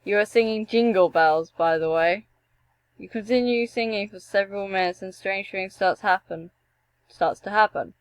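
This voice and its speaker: A young woman reads a text adventure aloud at a middle pitch, breaking off into joking, animated asides. Her voice sits close and dry, with no room sound around it. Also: normal speed, dry recording, rough recording. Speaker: gameplay streamer. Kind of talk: reading a text game aloud with commentary.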